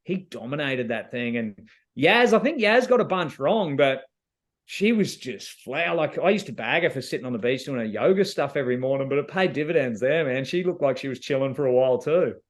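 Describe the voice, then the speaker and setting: Australian man, easygoing and slangy, rambling interview answers, middle pitch. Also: expressive, fairly quick. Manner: laid-back, slangy storytelling with many fillers. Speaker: reality show contestant.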